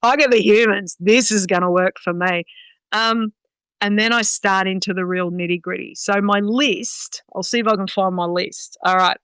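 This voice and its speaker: A woman talks in a blunt, sweary, matter-of-fact way. Her voice is bright and smooth. The sound is close and dry. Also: mid-range voice, fairly even intonation, moderate pace, no room sound, poor audio. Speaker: guest dog trainer. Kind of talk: casual podcast chat.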